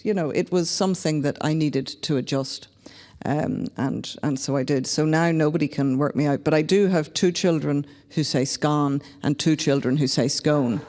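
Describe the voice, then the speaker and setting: A woman's voice: sits low, a little mellow, in a large hall. A woman from Northern Ireland speaking candidly and reflectively as a panelist at a public discussion. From Northern Ireland (County Antrim). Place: large hall at a public panel event.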